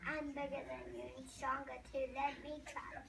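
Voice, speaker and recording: A woman voicing a boastful vampire in a storybook reading, speaking in a quiet, bragging way. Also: sits high, little pitch movement, normal speed, creaky, heavily acted. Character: boastful vampire who thinks he is strong. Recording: echoey room, distant mic, background noise.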